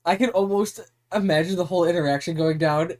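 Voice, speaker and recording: A woman streamer in relaxed, casual chat who laughs often. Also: on the low side, fast talker.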